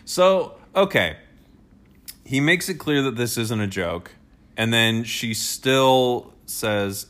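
A man's voice: medium pitch, expressive, slow pace, fairly bright tone. A man co-hosting a casual advice chat, joking around and rambling, often breaking into laughs. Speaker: podcast co-host.

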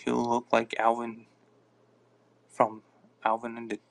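Male podcast host, unhurried casual rambler, reads and answers chat on a phone mic. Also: mid-range voice, monotone, vocal fry. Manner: rambling, reacts to listener comments aloud.

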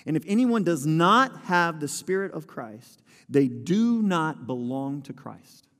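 A man's voice: on the high side, expressive, slow, fairly bright tone. A man preaching a sermon, reading scripture aloud and putting questions to his listeners. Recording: long hall reverb with faint music.

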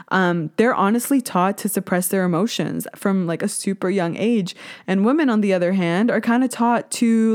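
A young woman hosting a solo podcast, talking in a blunt, casual, animated rant with plenty of swearing. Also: mid-range voice. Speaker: podcast host.

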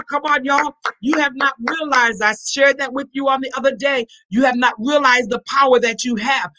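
A woman preaching a fervent sermon, calling out to her congregation for response and rising into shouts. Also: sits high, steady tone, normal speed, few pauses, low-quality recording. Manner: call-and-response exhortation to congregation.

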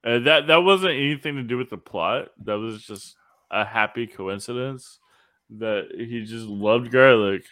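Male podcast host, relaxed, conversational, moves the talk along. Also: medium pitch, unhurried, no room sound, clean studio sound. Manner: laid-back, prompts others. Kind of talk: casual chat.

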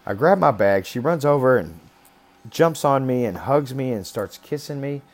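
A man's voice: medium pitch, lively intonation, normal speed. A man casually telling a personal story in a blunt, rambling way, swearing constantly. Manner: talks about being raised rough.

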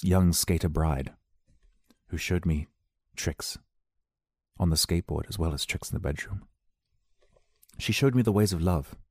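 Man, low gravelly voice, dry close sound, rambling jokey podcast chat. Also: darkish tone, no room sound. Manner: jokey, self-deprecating, slips into silly voices. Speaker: podcast host. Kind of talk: casual rambling monologue.

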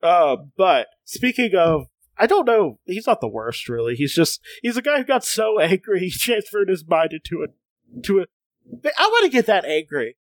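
A man's voice: sits high, big pitch swings, normal speed, no echo. A man co-hosting a casual comics podcast. He reads passages aloud, laughs a lot and often restarts his sentences. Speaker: podcast co-host.

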